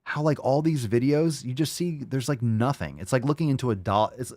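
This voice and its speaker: A man's voice: medium pitch, brisk, darkish tone, dry recording, clean studio sound. A man hosting a commentary show, ranting crudely and mocking his subject with sarcasm. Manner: crude, mocking, sarcastic rants with mock voices. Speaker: show host.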